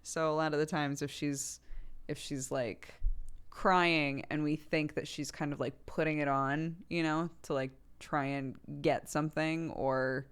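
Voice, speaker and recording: A young woman streamer casually telling a story, chatty and quick to laugh, with lots of "like" fillers. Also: low-pitched, steady tone, clean tone.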